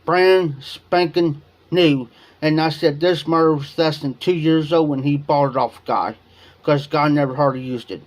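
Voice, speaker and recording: A man's voice: on the high side, steady tone, normal speed. A man hosting a livestream, telling a long personal story in a rambling way, repeating himself and quoting what was said. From Ohio. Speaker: livestream host. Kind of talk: casual storytelling to viewers.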